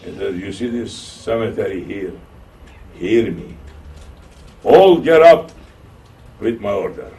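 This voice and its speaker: A man's voice: normal speed, vocal fry, a little hiss or hum. Turkish-accented man preaching, distant mic. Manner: animated storytelling, acting out quoted voices with rising pitch. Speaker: Sufi shaykh. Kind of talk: sermon storytelling. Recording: distant mic with faint room ambience.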